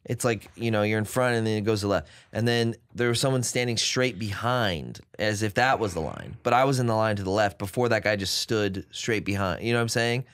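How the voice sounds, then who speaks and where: A young man in casual podcast chat, telling stories with animated energy and acting out quotes. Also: on the low side, fairly quick, few pauses, clean tone, dry recording, studio quality. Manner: animated storyteller, acts out shouting in quotes. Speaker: comedian podcast guest.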